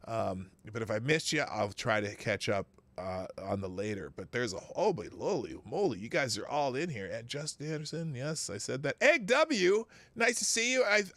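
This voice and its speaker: A man's voice: mid-range voice, fairly bright tone, dry recording. A man hosting a live stream, greeting chat viewers by name in a chatty, rambling way and chuckling to himself. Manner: chatty, laughs to himself, reads names off chat. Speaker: livestream host.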